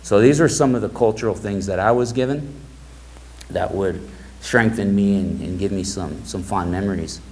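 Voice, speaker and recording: Gravelly low-voiced man telling stories. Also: normal speed, poor audio. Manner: relaxed storyteller, acts out quoted dialogue. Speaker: guest speaker. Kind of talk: storytelling talk to an audience.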